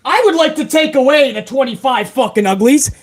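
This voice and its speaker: High-voiced man ranting and swearing. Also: lively intonation, fairly quick. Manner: ranting, swearing, often shouting. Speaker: host. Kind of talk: profane live-stream rant.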